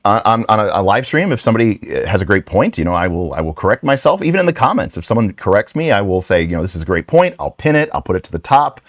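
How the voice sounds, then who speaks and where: A middle-aged man with a medium-pitched voice hosts his own channel, casually rambling through self-deprecating stories full of restarts and asides. The studio sound is clean with no echo.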